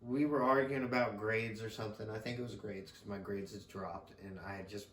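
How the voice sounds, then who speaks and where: A man's voice: lowish voice, fairly even intonation, a little fast, a bit bright. A middle-aged man, a father, casually telling a rambling story on a podcast, laughing often and swearing freely. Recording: roomy sound from a distant mic.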